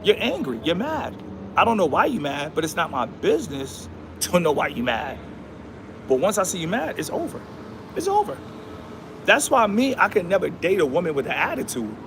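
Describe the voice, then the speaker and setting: Man livestreaming, fairly high voice, preachy, repetitive, slangy, faint traffic noise. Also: sing-song, a little fast. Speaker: livestream host. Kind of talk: casual livestream monologue.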